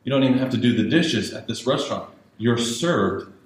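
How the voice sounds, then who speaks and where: A man's voice: mid-range voice, expressive, brisk. A male pastor preaching a sermon with emphatic repetition, building to raised urgency. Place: church sanctuary. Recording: very echoey church with faint hiss.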